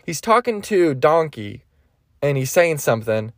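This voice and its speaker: A man's voice: mid-range voice, sing-song, normal speed, dry recording, clean studio sound. A young man hosting a casual solo podcast, rambling about movies with a lot of swearing and laughing at his own jokes. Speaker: podcast host.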